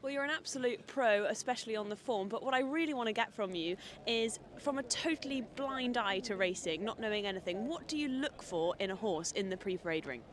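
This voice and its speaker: A woman reporter asking clear, bright questions in an outdoor parade ring. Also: on the high side, animated, brisk, few pauses, slight background noise. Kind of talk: interview.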